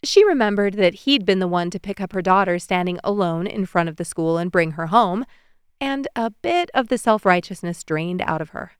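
A woman reading a story aloud as an audiobook narrator, with even, measured storytelling. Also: on the low side, smooth, no room sound, studio quality.

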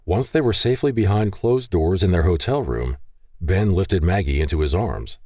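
A man narrating a romance novel in an expressive storytelling manner. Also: low-pitched, moderate pace, no room sound, clean studio sound. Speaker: audiobook narrator. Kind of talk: scripted narration.

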